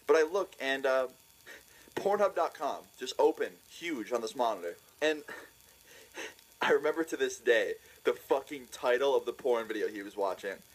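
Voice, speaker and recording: A young man telling a funny story for a vlog, excitable and profane, laughing as he goes. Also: mid-range voice, moderate pace, poor audio. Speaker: vlogger.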